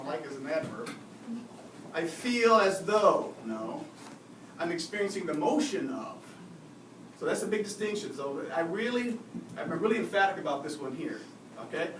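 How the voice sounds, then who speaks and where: A man giving a live seminar on behavior, lively and often asking the audience questions. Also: on the high side. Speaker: behavior and communication expert giving a talk. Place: lecture room at a faculty club. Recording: roomy, distant mic with audible noise.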